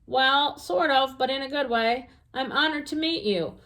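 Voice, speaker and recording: A woman reads a storybook aloud at a normal pace in a fairly bright tone, sounding excited. She voices a friendly, chatty female skunk who speaks in a squeaky, eager, folksy manner.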